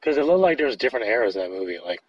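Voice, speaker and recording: A man with a husky voice chats on a podcast, rambling through his stories with many filler words. The sound is dull and lo-fi. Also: medium pitch, very animated, very fast. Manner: rambling, laughs often, many likes. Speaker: podcast co-host. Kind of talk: casual chat.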